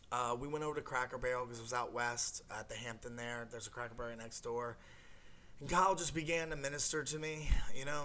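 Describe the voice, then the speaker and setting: Man, young adult, bright voice, rambling personal testimony, lots of fillers. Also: medium pitch, slight background noise. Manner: rambling, many fillers and restarts. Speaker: guest sharing a recovery story.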